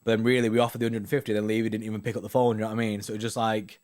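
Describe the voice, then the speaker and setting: A young man with a lowish, slightly mellow voice races through his words in a flat delivery. Hosting a casual live-stream chat, he reads out viewer comments and rambles, repeatedly asking "do you know what I mean".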